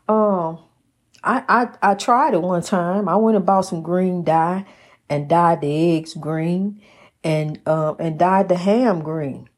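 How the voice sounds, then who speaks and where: Slow, breathy-voiced woman giving a devotional. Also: lowish voice. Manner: folksy, down-to-earth, calls listeners honey; repeats phrases with preacher-like emphasis. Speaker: host of a Christian inspirational program. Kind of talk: casual spoken devotional message.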